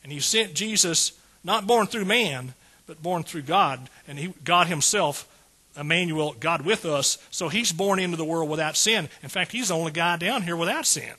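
A man's voice: fairly high pitch, moderate pace, sharp tone, slightly rough. A male preacher giving a folksy sermon and calling out questions to his congregation.

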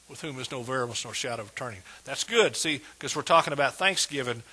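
A man preaching a sermon as pastor, emphatic and repetitive, building words into shouts of praise. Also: medium pitch, animated, fast, hardly any pauses, slightly rough. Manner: emphatic preaching, repeats words with rising intensity.

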